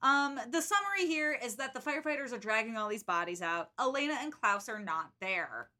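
A woman's voice: fairly high pitch, lively intonation, brisk, bright, forceful tone. A young woman co-hosting a casual book podcast, chatty and blunt, with lots of "like" and "um". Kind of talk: casual chat recapping a book.

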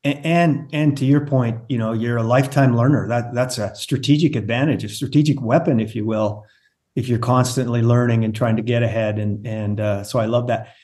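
Mellow-voiced podcast host man. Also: medium pitch, steady tone, fairly quick. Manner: encouraging, asks questions. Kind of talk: podcast interview.

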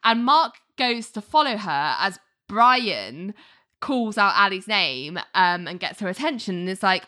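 A woman's voice: medium pitch, expressive, measured pace, sharp tone. A woman casually recapping a TV episode to a co-host, full of fillers and acted-out quotes. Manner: chatty retelling with acted quotes, many fillers. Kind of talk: casual chat.

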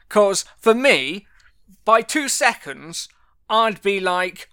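Smooth bright man, joking. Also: high voice, sing-song, slow pace. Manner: playful, jokey, interjecting. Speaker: podcast co-host. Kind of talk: casual chat.

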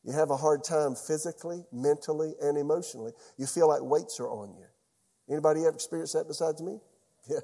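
A man's voice: fairly high pitch, fast talker, vocal fry, mellow. A middle-aged man preaching a sermon as pastor, telling a personal story and putting questions to his congregation.

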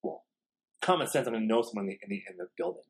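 A man's voice: mid-range voice, vocal fry. A man telling a story in casual, profane chat, acting out the other people in it. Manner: fast, profane, animated storytelling.

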